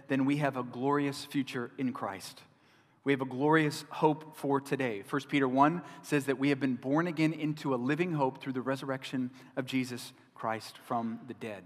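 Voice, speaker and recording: A middle-aged man preaching a sermon as pastor, earnest and repeating key lines for emphasis. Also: medium pitch. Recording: long reverb of a large hall.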